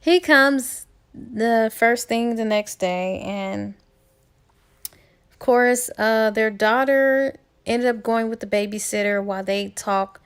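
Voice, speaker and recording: A woman's voice: on the high side, slow pace, clean tone. A woman casually retelling a book's plot in a chatty way, with fillers and restarts along the way. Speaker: book reviewer.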